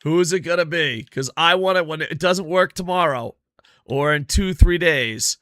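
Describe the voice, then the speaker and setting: A man's voice: on the high side, normal speed, fairly bright tone, no echo, studio quality. A man streaming a football game, chatting casually with lots of swearing and grumbling about his stream tech. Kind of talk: casual gameplay chat.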